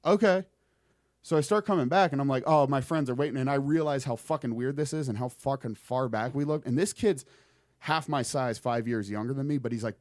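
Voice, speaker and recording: Fairly quick and medium-pitched, a young man's voice comes through a dry, studio-quality recording as he guests on a podcast. He rambles through an animated retelling of a creepy thing that happened to him, cursing along the way.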